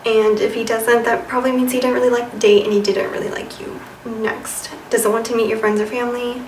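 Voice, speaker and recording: A young woman vlogs casual dating advice to the camera in front of a white wall, sassy and chatty, dropping plenty of "like" and "you know." Her voice sits on the high side with a flat, slightly quick delivery. She's a bit off a distant mic in an echoey room, with a faint hiss or hum underneath.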